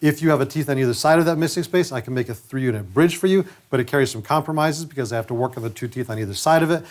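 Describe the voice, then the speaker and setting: A middle-aged man, a dentist, giving a conversational training lecture and acting out short patient exchanges. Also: mid-range voice. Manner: lively, conversational, acts out patient dialogues.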